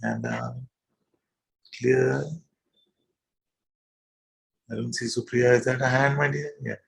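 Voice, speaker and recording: A man leading a satsang as spiritual teacher, probing his listeners with repeated questions in a gentle, playful way. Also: medium pitch, wildly swooping pitch, slow, vocal fry, poor audio. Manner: gentle and playful, with soft laughs. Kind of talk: satsang teaching to a live group.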